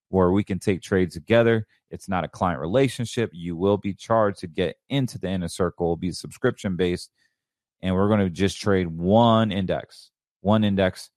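A man's voice: deep voice, darkish tone, dry recording, clean studio sound. A middle-aged man hosting a podcast, talking in a rambling, enthusiastic way. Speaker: podcast host. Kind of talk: casual solo podcast monologue.

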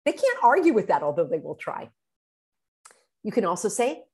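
A middle-aged woman giving earnest, animated self-help advice as a video host, dropping to a hushed tone for the phrases she quotes. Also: lowish voice, moderate pace. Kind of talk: motivational self-help talk.

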